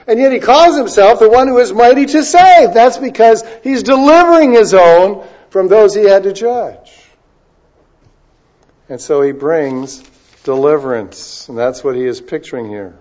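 A man delivers a sermon in a slightly high voice. He swings between loud, stretched-out emphasis and quiet, conversational asides. The recording sounds dull and lo-fi. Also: lively intonation. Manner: stretches key words slowly for emphasis. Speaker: preacher.

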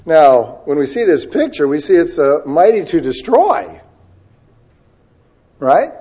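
A male preacher giving a sermon, moving between loud emphasis and quiet asides and stretching key words out slowly. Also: on the high side, big pitch swings, slightly rough. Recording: dull lo-fi recording.

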